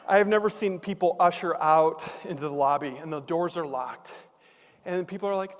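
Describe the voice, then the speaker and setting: A man's voice: on the high side, normal speed. A man, a motivational keynote speaker, telling a humorous story on stage with playful asides to the audience, on a stage mic in a large hall. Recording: reverberant conference hall.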